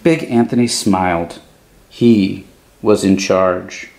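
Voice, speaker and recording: A man reading a children's picture book aloud as a clown storyteller, in an expressive manner. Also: sits low, slow, vocal fry, slight background noise. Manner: expressive, animated.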